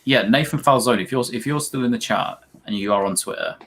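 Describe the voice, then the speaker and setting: A young man co-hosting a casual football watch-along, joking, laughing often and breaking into quick play-by-play. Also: medium pitch, a bit bright. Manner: jokey, laughs often, quick bursts of live commentary. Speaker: co-host.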